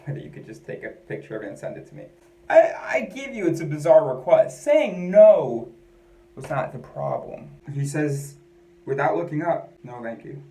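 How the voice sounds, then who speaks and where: A man's voice: medium pitch, darkish tone. A man from the United States telling a personal story in a rambling, candid, self-questioning way. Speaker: vlogger. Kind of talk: personal monologue. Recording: echoey room.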